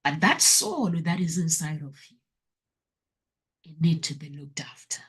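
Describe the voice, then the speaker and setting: Slow, breathy woman telling her story. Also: very animated, fairly bright tone. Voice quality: breathy, often near a whisper. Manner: emotional, pitch rising sharply when recounting crying. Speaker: talk show host. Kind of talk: personal testimony to viewers.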